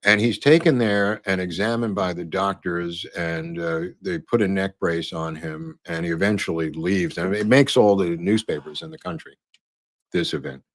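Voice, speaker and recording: Man, low voice, casual podcast host, rambling, lots of fillers, dry recording. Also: moderate pace, no echo. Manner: rambling, many fillers and restarts. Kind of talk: casual commentary over photos and clips.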